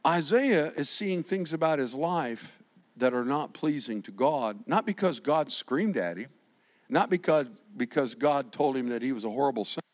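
Animated man preaching with big swings. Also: mid-range voice, normal speed. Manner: animated, swings from shouting to soft, acts out quotes. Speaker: pastor. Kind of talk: sermon.

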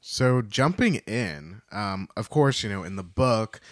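A man's voice: on the low side, expressive, measured pace, dry recording, studio quality. A man co-hosting a podcast in casual chat, wry and sarcastic. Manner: wry, sarcastic, bursts into song. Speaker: podcast co-host.

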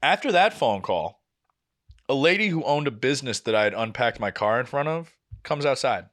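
A young man tells a long, exasperated story on a casual podcast. His voice sits at an ordinary middle pitch for a man. He swears freely and acts out the people in his story as he goes. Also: sing-song, moderate pace, fairly bright tone. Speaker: podcast co-host.

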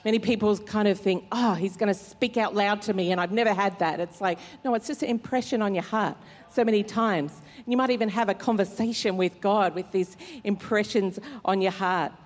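With a mid-range voice and a slightly fast delivery, a woman pastor gives an earnest, conversational sermon sprinkled with fillers. She is in a church service hall, where long reverb fills the recording.

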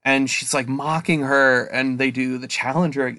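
Bright-voiced chatty man podcasting. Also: medium pitch, fairly even intonation, moderate pace, dry recording. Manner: chatty, rambling, laughs often. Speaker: podcast co-host. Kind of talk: casual chat.

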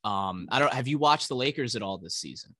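A man's voice: mid-range voice, animated, fairly quick, sharp tone, no echo. A male podcast co-host ranting about sports in casual, profane talk.

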